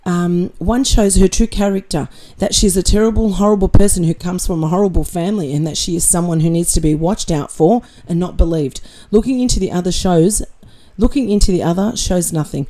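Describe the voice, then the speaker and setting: Reading out her viewers' chat messages, an Australian channel host responds with blunt, sarcastic replies laced with swearing. Her voice is lowish and mellow, and she speaks fairly quickly.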